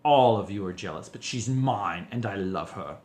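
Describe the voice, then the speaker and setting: A man voicing a possessive, besotted male professor who speaks in a low voice. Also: animated, moderate pace, darkish tone, reverberant, lightly acted.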